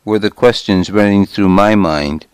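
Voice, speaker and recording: Male volunteer audiobook reader, deep voice, crisp, dry close sound. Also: a little slow, no room sound. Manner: calm, steady reading. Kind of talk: audiobook narration.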